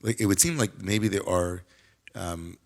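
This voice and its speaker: Deep gravelly american rabbi host, kinda musing, says like a lot. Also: male voice, a little slow. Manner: reflective, hedging with "like" and "you know". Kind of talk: conversational interview talk.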